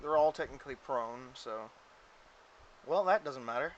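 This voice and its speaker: A man's voice: mid-range voice, expressive, normal speed, lo-fi sound, slight background noise. A young man running a tabletop game as game master, often breaking into laughter as he narrates. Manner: giggly, laughs through his narration.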